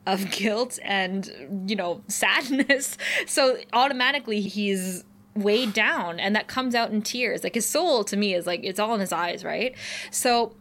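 A woman co-hosting a podcast, retelling a TV episode in an animated way and laughing often. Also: medium pitch, a little slow. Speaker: podcast co-host. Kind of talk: casual recap chat.

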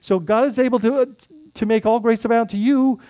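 A man's voice: very high voice, fairly even intonation, a little fast, dark tone, no echo. A male pastor preaching a sermon in a conversational way, often restarting phrases and adding tag questions.

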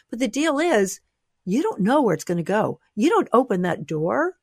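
Expressive woman author, dry sound. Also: mid-range voice, moderate pace, no room sound. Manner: animated, expressive, playful. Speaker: author and guest. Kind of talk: conversational interview.

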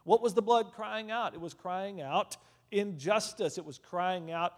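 A male preacher delivering a sermon in a large church hall, his voice trailing off in a long reverb. He sits a little higher than most men, dropping to near-murmurs and then surging into loud, ringing declarations. Hallelujahs and amens punctuate his points. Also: measured pace. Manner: swings between hushed asides and loud emphatic declarations; calls out hallelujah and amen between points.

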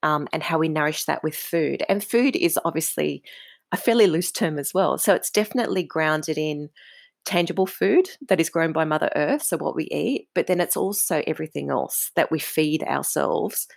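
A woman's voice: deep voice, moderate pace, vocal fry, no room sound. A woman guest on a podcast, a food coach, talking in a flowing, emphatic way with frequent fillers. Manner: flowing, emphatic talk with many "like" and "you know" fillers. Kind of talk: casual podcast conversation.

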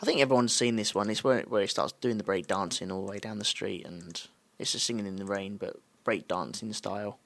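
A man's voice: on the low side, fairly quick, gravelly, few pauses, fairly bright tone. A man co-hosting a podcast in casual chat, making wry, joking asides. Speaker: podcast co-host.

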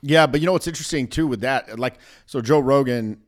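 A man's voice: medium pitch, fairly quick. A middle-aged American man, a podcast guest, telling stories casually, acting out voices and swearing freely. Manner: animated, swears freely, acts out voices while laughing. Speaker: guest, dating coach.

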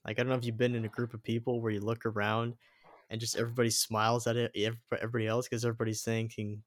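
A man's voice: medium pitch, flat delivery, fast talker, dry recording, clean studio sound. A man from Canada chatting casually as a podcast co-host, rambling and filling his talk with "like" and "um". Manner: rambling, full of fillers and "like". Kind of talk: casual chat.

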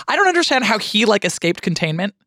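A woman guest on a podcast, chatting casually and ranting with lively, sweary indignation. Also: medium pitch, quick pace, dry recording, studio quality. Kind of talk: casual chat.

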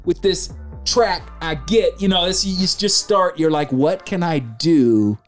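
A man hosting a podcast, chatting casually and excitedly, rambling and swearing freely. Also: a little high, measured pace, soft background music. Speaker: podcast host. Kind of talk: casual chat about hip hop.

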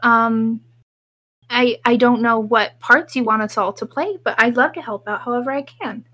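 A woman player in a tabletop role-play game, speaking in character in an encouraging, gentle way. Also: fairly high pitch, moderate pace.

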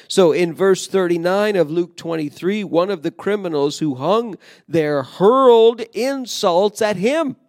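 High gravelly-voiced preacher. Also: male voice, darkish tone, no room sound, clean studio sound. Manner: earnest, emphatic preaching with restarts. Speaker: pastor. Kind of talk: sermon.

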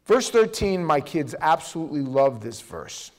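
A middle-aged male pastor preaching in a relaxed, conversational way. His voice sits a little high for a man. He punches key words hard, then drops to near-murmured asides. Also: moderate pace. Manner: conversational, emphatic, with sudden drops to quiet asides. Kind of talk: sermon.

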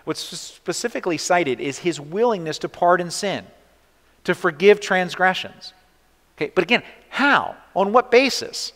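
Lively conversational male pastor preaching. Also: sits high, moderate pace, big-room sound. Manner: conversational preaching with frequent "right?" asides. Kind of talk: sermon.

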